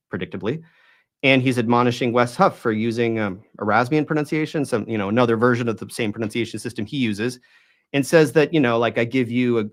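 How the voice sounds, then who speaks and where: A man being interviewed, speaking in a conversational way with many restarts and rhetorical questions. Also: mid-range voice. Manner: talks in halting restarts and hedges, often asks rhetorical questions. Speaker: guest.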